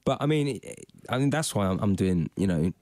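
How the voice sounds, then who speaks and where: A man's voice: lowish voice, lively intonation, brisk, dark tone, dry recording. A young man who acts, a guest on a radio show who talks casually and easily with many fillers. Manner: casual, easygoing, frequent fillers. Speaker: actor guest. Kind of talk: radio interview. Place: radio studio. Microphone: studio microphone.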